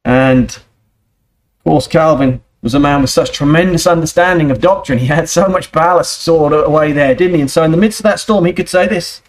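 A man's voice: fairly high pitch, brisk, few pauses. A man preaching a sermon with earnest emphasis and rhetorical questions, speaking.

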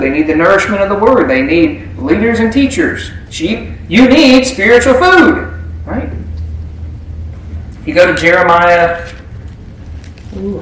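A man's voice: a little high, far from the mic, slight background noise. A man preaching a sermon in a conversational way, often asking the congregation questions. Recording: very echoey room.

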